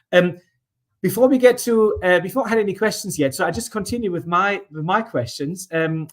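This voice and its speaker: A middle-aged man moderates an online panel. His voice sits fairly high for a man, and he speaks in a friendly, hesitant way, often restarting his sentences. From Germany. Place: indoors by a sunny window.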